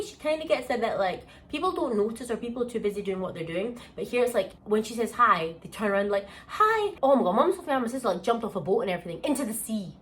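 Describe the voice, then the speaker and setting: A young woman from the UK, telling a holiday story in a casual vlog, animated and exclamatory with plenty of slang. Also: fairly high pitch, poor audio. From United Kingdom. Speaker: vlogger. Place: holiday villa.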